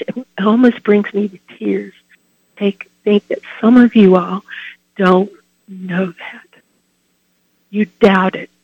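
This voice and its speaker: Earnest male preacher, unhurried delivery, heartfelt devotional talk with soft trailing endings, dull lo-fi sound. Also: sits high, breathy edge, dry recording. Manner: earnest and heartfelt, trailing off softly at phrase ends. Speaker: Catholic preacher giving a Lenten reflection.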